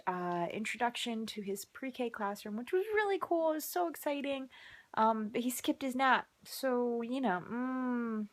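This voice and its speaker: With a slightly high, animated voice and a measured pace, a worn-out mother shares a casual vlog story of a long night. The phone camera captures her with no echo, chatty but often whispering.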